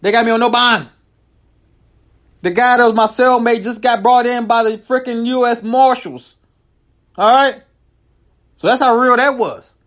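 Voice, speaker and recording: A man telling a personal story to his viewers in a casual, animated way, jumping from loud high outbursts to low, quiet asides. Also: measured pace, long pauses. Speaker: comedian and show host.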